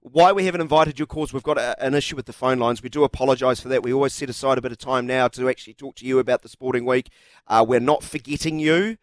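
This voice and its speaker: Fast-talking New Zealand radio host. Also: male voice, medium pitch, no echo. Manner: quick, teasing banter. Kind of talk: casual sports radio chat.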